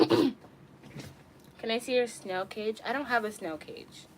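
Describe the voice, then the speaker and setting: A young woman live-streaming from her bedroom, chatting casually with viewers and reading their comments, bubbly and giggly, swinging between loud outbursts and low mumbles. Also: measured pace, a little hiss or hum.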